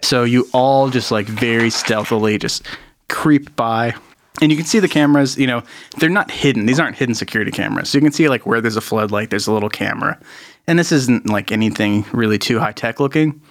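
A man narrating as game master of a tabletop role-playing game, relaxed and laughing easily. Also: medium pitch, a little fast.

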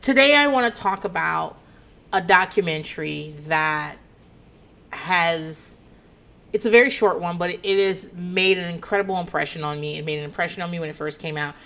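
Woman, 30s, podcast host; profane, animated storyteller who laughs a lot. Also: deep voice, fairly quick. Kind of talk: casual storytelling chat.

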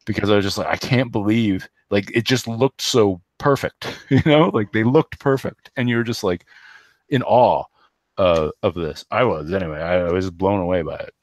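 A man co-hosting a casual hockey podcast, rambling with lots of fillers and restarts, and rattling off stats quickly. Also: lowish voice, dry recording. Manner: reads stats in a quick, flat run. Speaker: podcast co-host.

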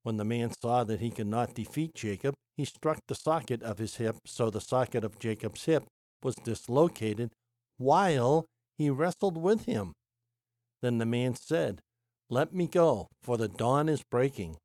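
A man reading a devotional sermon aloud, measured and emphatic, with rhetorical questions. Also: mid-range voice, animated, darkish tone, dry recording, clean studio sound. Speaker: Bible teacher. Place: United States.

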